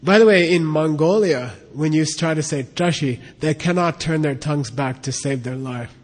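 A man leads a class in a loose, talkative way. His voice sits a bit high and he keeps pausing to ask "okay?" and repeat points. The sound rings with long reverb, as in a large hall. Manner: chatty, repeats "okay?" to check on students. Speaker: teacher of Tibetan and Sanskrit texts. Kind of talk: informal classroom teaching.

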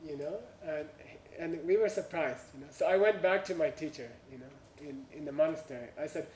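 A man's voice: a little high, fairly quick, darkish tone, slight background noise. Man telling a story from across a room. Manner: chuckles through punchlines, with frequent "you know" and "uh"; non-native English phrasing. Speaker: speaker telling a story to an audience. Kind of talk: anecdotal storytelling talk. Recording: roomy, from a distance.

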